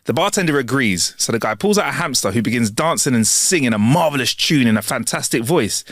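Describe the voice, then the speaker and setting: A man's voice: mid-range voice, fast talker, few pauses, dry recording. A man co-hosting a comedy podcast, reading jokes aloud with playful character voices and plenty of laughter. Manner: reads jokes with lively put-on character voices, laughs a lot. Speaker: podcast co-host.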